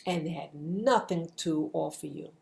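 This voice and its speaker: A woman's voice: low voice, measured pace, creaky, darkish tone. A middle-aged woman giving an earnest spoken message to camera, often restarting her sentences. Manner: earnest, repetitive, with frequent restarts. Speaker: video blogger giving a motivational message. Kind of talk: casual spoken monologue.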